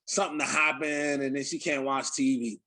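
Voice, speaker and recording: A man's voice: mid-range voice, fairly even intonation, a little fast, bright, forceful tone. A young adult man on a podcast, telling casual, profane stories with lots of fillers. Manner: loose, profane storytelling with many fillers. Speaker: podcast host. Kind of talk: casual chat.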